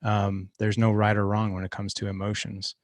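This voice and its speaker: A man's voice: fairly low pitch, monotone, moderate pace, no echo. A middle-aged man telling a story earnestly in casual conversation, with many restarts. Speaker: guest.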